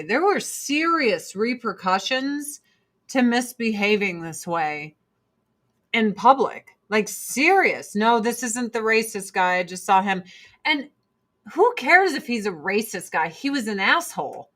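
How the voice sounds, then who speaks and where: A woman's voice: on the high side, sing-song, unhurried, a bit bright. A woman vlogger ranting to camera in a blunt, profane, exasperated way while doing her makeup. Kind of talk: casual ranting chat to camera.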